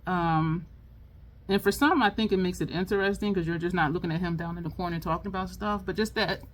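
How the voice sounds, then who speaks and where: Chatty woman vlogger laughing through a story. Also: a little fast. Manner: chatty, laughing storyteller, lively swings in pitch. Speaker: beauty vlogger. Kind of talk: casual chat while doing makeup. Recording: faint background noise.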